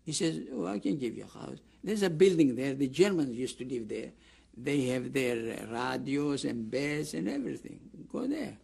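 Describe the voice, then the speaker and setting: A man's voice: mid-range voice, lively intonation, normal speed, gravelly, a little mellow, husky. An older man with a Greek accent giving an oral history interview, rambling through a story with restarts and acting out the people he quotes. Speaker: interviewee, camp survivor.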